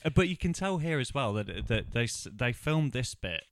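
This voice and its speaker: A man's voice: medium pitch, big pitch swings, moderate pace, slight background noise. A man co-hosting a casual film review, recapping the plot and laughing often. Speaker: podcast co-host.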